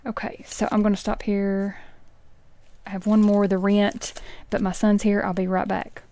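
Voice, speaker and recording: A middle-aged woman talks in a relaxed, casual way while she counts money out loud. She adds chatty asides between the counts, and now and then drops into a soft whisper. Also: mid-range voice, normal speed, dry recording. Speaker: budgeting vlogger.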